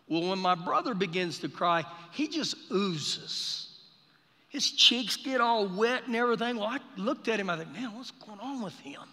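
Brief: fervent male pastor, bright forceful delivery, live sermon in a reverberant hall. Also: fairly high pitch. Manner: impassioned, storytelling, swells to shouting. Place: church sanctuary.

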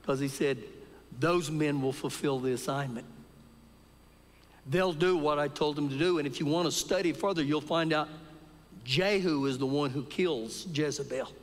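High-voiced preacher in a reverberant church. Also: male voice, moderate pace. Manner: animated storytelling preacher, acts out quotes. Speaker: pastor. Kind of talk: sermon. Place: church sanctuary during a service. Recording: live church service with long reverb and faint music.

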